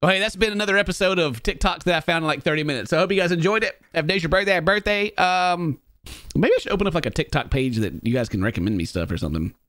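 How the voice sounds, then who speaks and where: A man's voice: fairly high pitch, lively intonation, rapid-fire, a bit bright, dry recording, clean studio sound. A man hosting a video reaction show, chatting casually, laughing often and using loose slang. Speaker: YouTube host reacting to videos.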